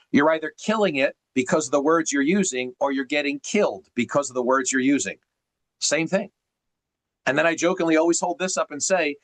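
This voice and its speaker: A man coaching on a video call in an emphatic, teacherly way, his voice sitting a little high. The sound is dry and close, with no room behind it. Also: a bit bright, dry recording. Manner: emphatic, teacherly, uses rhetorical questions.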